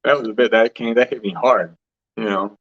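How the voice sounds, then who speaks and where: A man's voice: on the low side, steady tone, brisk, highs cut off. A man hosting a casual spiritual talk, rambling loosely with restarts and short laughs. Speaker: spiritual vlogger host.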